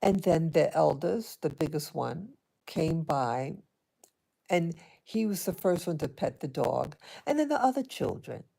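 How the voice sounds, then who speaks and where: A woman vlogger telling a personal story to her viewers in a hesitant, halting way, with many restarts. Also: deep voice, very animated, creaky, warm tone. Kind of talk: casual personal storytelling to camera.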